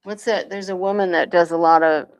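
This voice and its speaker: A woman's voice: fairly low pitch, fairly even intonation, brisk, clear, resonant tone. A woman co-hosting a political talk podcast, chatting casually and often trailing off mid-sentence. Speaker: podcast co-host.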